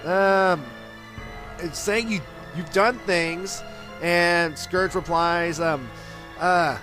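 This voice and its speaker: A man's voice: sits high, extremely slow. A man reviewing a comic book in a casual, rambling way, full of filler words. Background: background music.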